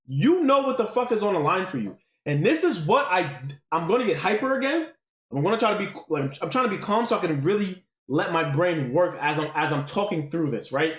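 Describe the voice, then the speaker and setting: A man talking casually to his live-stream chat. He is animated, swears freely and keeps checking in with "right?". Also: high-pitched, a little fast. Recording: roomy echo.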